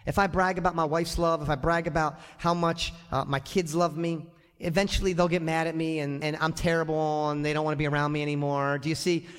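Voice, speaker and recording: A male pastor preaching an animated sermon to his congregation, often acting out the people in his stories. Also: on the high side, brisk, clear, resonant tone. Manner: animated, acts out quoted voices, addresses the congregation directly. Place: church sanctuary. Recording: long church reverb.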